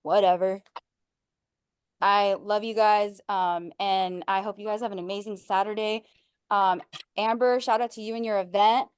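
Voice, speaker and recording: A woman says a warm, rambling goodbye on a group video call. Her voice is smooth and clear, and the sound is dry with no room echo. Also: medium pitch, fairly even intonation, normal speed. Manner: warm, rambling sign-off with fillers. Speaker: book club member. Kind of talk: casual call farewell.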